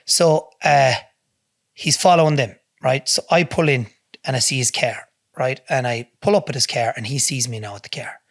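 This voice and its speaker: A man's voice: mid-range voice, normal speed, creaky, no echo. An Irish man, a podcast guest, telling a story in a blunt, heavy-swearing way in a studio. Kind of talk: casual storytelling.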